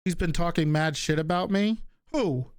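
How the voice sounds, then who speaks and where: A man's voice: fairly high pitch, normal speed, smooth, no room sound. Streamer, male, slight Northeastern US accent, loose chat with viewers, casual cursing, dry close sound. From Northeastern United States. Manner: reads viewer questions aloud and answers offhandedly, swears casually.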